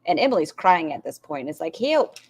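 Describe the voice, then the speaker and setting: A middle-aged woman reacting to clips on a stream, sarcastic and full of animated asides. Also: deep voice, fast, slight background noise. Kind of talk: casual commentary on clips.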